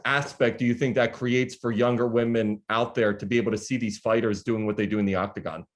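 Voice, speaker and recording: A man's voice: mid-range voice, fairly even intonation, brisk. A man hosting a casual interview, upbeat and joking. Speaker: host.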